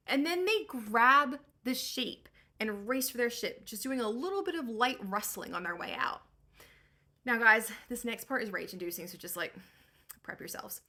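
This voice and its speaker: A woman's voice: on the high side, sharp tone. A young woman giving a comedic book recap in a breezy, slangy, irreverent way.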